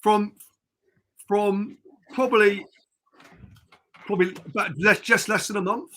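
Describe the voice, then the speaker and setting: Speaking unhurriedly with fairly even intonation, this middle-aged man from England has a high, pushed, bright voice. He's a podcast guest on a remote call, rambling through stories in relaxed, informal chat.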